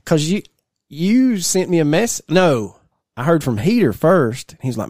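A man's voice: on the high side, very animated, normal speed, a little mellow, no room sound, studio quality. Laughing man co-hosting a podcast. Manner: laughs often, rambling storyteller. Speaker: podcast co-host. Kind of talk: casual podcast banter.

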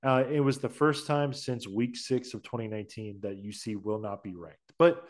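A man co-hosting a sports podcast, chatting in a relaxed, rambling way. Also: lowish voice, normal speed. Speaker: podcast co-host. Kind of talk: casual sports podcast chat.

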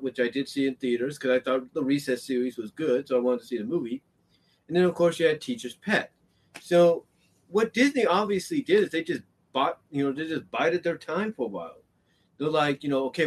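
A man talking about cartoons in a casual, rambling monologue, full of fillers and restarts, and he gets more excited as he goes. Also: mid-range voice. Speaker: commentator on animation history.

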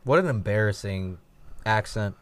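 A man's voice: lowish voice, expressive, normal speed. A man co-hosting a sports podcast who drops short, blunt, crude one-liners. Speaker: podcast co-host. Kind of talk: casual sports chat.

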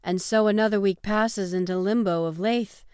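A woman's voice: mid-range voice, steady tone, normal speed, darkish tone, clear, resonant tone, no echo, natural voice. Woman reading as a dry, blunt young woman. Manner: dry, impassive, peevish.

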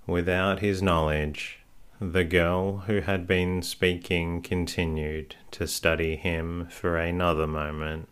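A man with a very low voice reads a sleep story aloud, slow and calm. His tone stays smooth and resonant, barely rising or falling from line to line. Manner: calm, unhurried reading. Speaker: sleep story podcast host. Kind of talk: scripted bedtime story narration.

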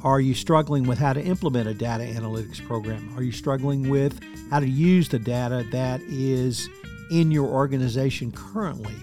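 A man, the podcast's host, reads a scripted outro and promo in a brisk, polished way. His voice sits at a mid pitch. Plucked guitar music plays clearly behind him.

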